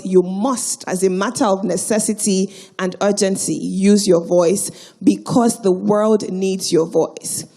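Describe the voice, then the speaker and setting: Woman MC, warm low-brightness voice, crowd-rousing stage host. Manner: rousing call-and-response with the crowd. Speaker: event host. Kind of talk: live conference hosting. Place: large auditorium stage.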